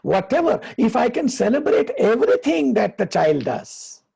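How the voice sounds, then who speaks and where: A man, a happiness coach giving advice and telling stories in a deliberate way, slowing down for emphasis. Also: very high-pitched, huge pitch swings, gravelly, warm tone, husky. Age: 50s. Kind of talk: conversational advice, storytelling.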